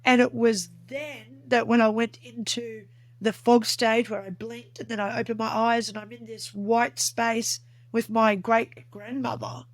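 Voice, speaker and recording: A woman with a higher-pitched voice appears as a guest on an interview podcast, earnestly recounting a personal experience in vivid detail. She acts out remembered dialogue, and there's no echo.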